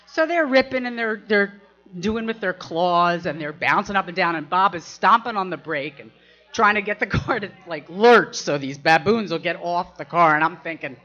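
Lady telling a funny story, keeps laughing, bright sharp voice, dull lo-fi recording. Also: fairly low pitch, lively intonation, normal speed. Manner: laughs often while telling, acts out quoted voices. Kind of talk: personal anecdote told to an audience.

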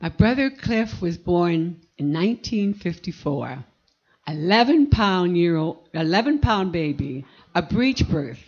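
An older woman from Pennsylvania telling a personal story from her life, vivid and animated. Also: fairly low pitch, unhurried, slightly rough, muffled recording. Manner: vivid, animated recollection with acted-out quotes.

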